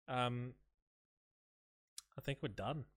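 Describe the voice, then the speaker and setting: A man's voice: medium pitch, takes it slowly. A man hosting a casual esports podcast, rambling with lots of fillers. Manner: relaxed, rambling with many fillers. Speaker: podcast host.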